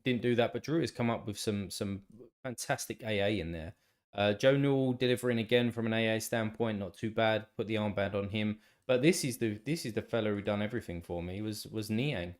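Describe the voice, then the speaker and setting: A man hosting a casual live stream, with a congested, nasal voice, rambling along and talking to his viewers by name. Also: lowish voice. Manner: rambling, talks to chat viewers by name, many restarts. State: congested, still a bit tired.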